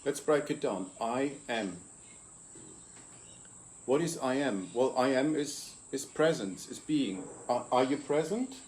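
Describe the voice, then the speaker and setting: A man of ordinary pitch speaking in a calm, reflective way. He walks through his ideas patiently, one step at a time. He asks rhetorical questions and answers them himself. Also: slow, slight background noise. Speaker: host and consciousness coach. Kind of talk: reflective interview talk.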